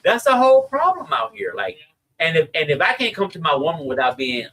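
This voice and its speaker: A man with a Southern US accent hosting a podcast, chatting casually and reading listener comments with lively, slangy delivery. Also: fairly high pitch, brisk, slight background noise, rough recording. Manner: animated, laughing, Southern slang. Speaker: podcast host.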